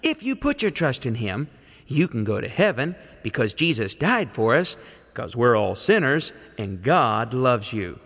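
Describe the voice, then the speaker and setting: Lively preacher in an echoing hall. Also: male voice, medium pitch. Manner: slow, coaxing, leads the listeners to repeat each phrase. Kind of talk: teaching a call-and-response gospel lesson.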